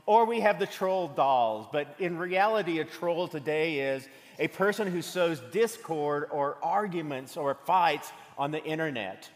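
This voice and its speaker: Here a pastor with a voice on the high side speaks at a measured pace with few pauses. His sermon mixes jokes and storytelling into the message. The recording has the long hall reverb of a church sanctuary.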